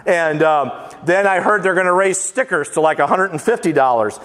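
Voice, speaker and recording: Folksy joking pastor in a reverberant church. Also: male voice, on the high side, animated, moderate pace, few pauses, fairly bright tone, faint music behind. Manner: folksy and joking, lists items with playful emphasis. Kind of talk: casual, humorous sermon. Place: church sanctuary. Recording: long church-hall reverb.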